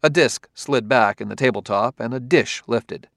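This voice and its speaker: A man narrating a novel in a steady, even storytelling manner. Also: mid-range voice, normal speed, gravelly, hardly any pauses, dry recording, clean studio sound. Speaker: audiobook narrator. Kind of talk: scripted narration.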